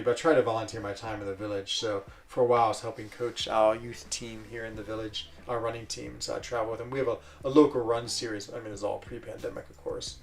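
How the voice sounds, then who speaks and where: Chatty man streaming with gravelly voice. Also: fairly low pitch, distant mic. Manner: chatty, rambling, answers chat messages. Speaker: streamer reading chat. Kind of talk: casual live-stream chat. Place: lives in a village in Switzerland.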